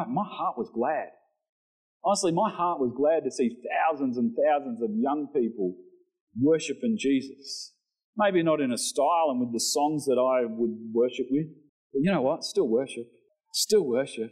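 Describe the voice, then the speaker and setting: Heard through a low-quality recording, a husky-voiced pastor preaches with animation. His pitch climbs when he reads scripture, and he speaks directly to the congregation in conversational asides.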